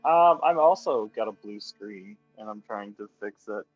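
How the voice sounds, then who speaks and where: A man's voice: lowish voice, lively intonation, moderate pace, no echo. A man, a tabletop game player, chatting casually and explaining at length with lots of "like". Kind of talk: casual chat. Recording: dull lo-fi voice chat with faint music.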